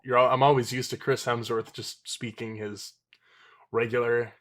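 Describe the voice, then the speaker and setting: A man co-hosting a casual movie review podcast, relaxed and full of fillers. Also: medium pitch, moderate pace. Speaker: podcast co-host.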